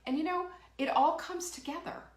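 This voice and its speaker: A high-pitched woman talks at normal speed in a reverberant setting. As host of a live motivational show, she's emphatic and energized, reads out comments from viewers while laughing, and fires off rhetorical questions.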